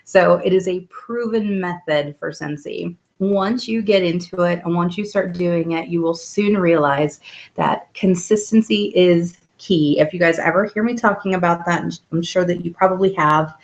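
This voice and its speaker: A woman's voice: fairly low pitch, a little slow, dull audio. A woman hosting a weekly live video hangout from home at night, chatting in an upbeat way with many ums. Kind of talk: casual live webcam talk. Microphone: laptop webcam mic.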